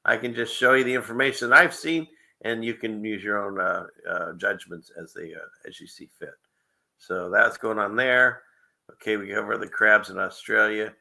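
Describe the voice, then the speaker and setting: Gravelly, bright-voiced male show host. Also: fairly low pitch, fairly even intonation, moderate pace. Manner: rambling, chuckling often, frequent fillers. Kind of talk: casual livestream chat.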